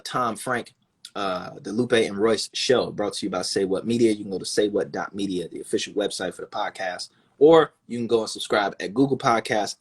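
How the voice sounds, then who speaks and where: A man hosting a livestream, ranting in an animated, profane and sarcastic way, talking into a phone. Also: medium pitch, breathy edge. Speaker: livestream host. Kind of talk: casual livestream rant.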